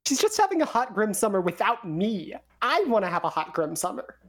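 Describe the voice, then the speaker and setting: A woman's voice: mid-range voice, sing-song, brisk, voice pushed up, lightly acted. A woman voicing a grumpy young woman who grumbles and sulks, reading an audio fan story. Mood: grumbling. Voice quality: sulky, grumbling.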